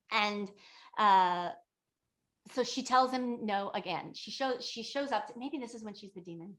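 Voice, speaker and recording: A woman's voice: mid-range voice, unhurried, fairly bright tone. A woman, a yoga and meditation teacher, casually retelling a legend in a chatty, filler-heavy way. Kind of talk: casual spoken storytelling.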